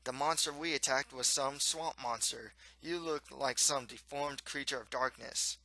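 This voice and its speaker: A man voicing a rough, brawling monster hunter who talks bluntly, in a storybook reading. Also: mid-range voice, measured pace, sharp tone, no room sound.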